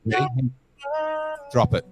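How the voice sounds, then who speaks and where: A man's voice: takes it slowly, over loud music. A man hosting a live call-in show, joking crudely, swearing freely and singing along to a song. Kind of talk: casual live-stream banter and karaoke singing.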